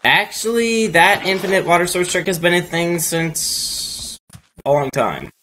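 A man's voice: sits high, expressive, a little slow, pushed and bright, slight background noise, rough recording. A man hosting a let's play, chatting casually and thinking aloud as he builds. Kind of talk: casual gameplay chat.

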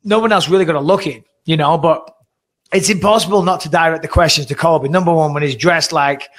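A man co-hosting a podcast, chatting casually in an animated, rambling way with the odd swear. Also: a little high, fast talker. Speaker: podcast co-host.

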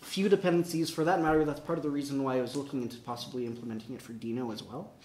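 A man presenting his software project at a meetup, talking casually and laughing often between answers. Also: medium pitch, fairly even intonation, rapid-fire. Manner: laughing, upbeat, talks in bursts. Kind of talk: casual tech talk. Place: meetup room. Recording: echoey room with faint noise.

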